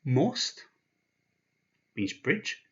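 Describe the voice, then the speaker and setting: Man, language teacher, animated pitch, dull lo-fi recording. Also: very slow. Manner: patient, spells out each sound. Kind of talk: explaining slowly, with pauses.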